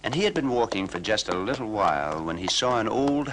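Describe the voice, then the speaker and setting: A man narrating a children's storybook record in a playful, animated way. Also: on the low side, fairly quick, background noise.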